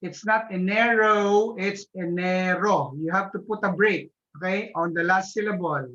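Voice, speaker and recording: A man's voice: sits high, moderate pace, pushed and bright. A man teaching an online language class, patiently drilling pronunciation and repeating each answer back. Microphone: video call. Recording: dull lo-fi video call audio.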